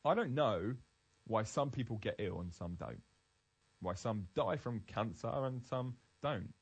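A man's voice: lowish voice, expressive, unhurried, slightly rough, rough recording. A man giving an earnest, emphatic devotional Bible talk, restarting phrases as he goes. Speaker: Christian speaker.

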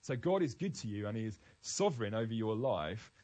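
A man's voice: fairly low pitch, expressive, fairly quick, a little mellow, low-quality recording. Earnest man teaching from the Bible. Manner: earnest, emphatic, with frequent restarts. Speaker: Christian speaker.

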